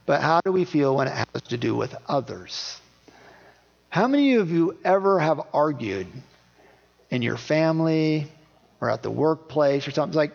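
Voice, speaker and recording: A man's voice: fairly high pitch, animated, normal speed, creaky, a little mellow, long reverb tail. A man preaching a sermon as pastor, talking in a conversational way and asking his listeners questions. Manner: conversational, asks the congregation questions. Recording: dull lo-fi recording.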